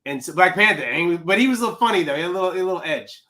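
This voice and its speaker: A man co-hosting a podcast chats casually, teasing and playful, often restarting his sentences. His high voice races along with lively intonation, sounding pushed and bright.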